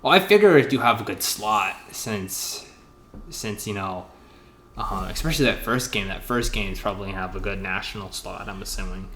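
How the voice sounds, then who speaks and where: A young man hosting a casual podcast chat, rambling and excitable, full of fillers and restarts. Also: fairly low pitch, normal speed, a little hiss or hum. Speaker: podcast host.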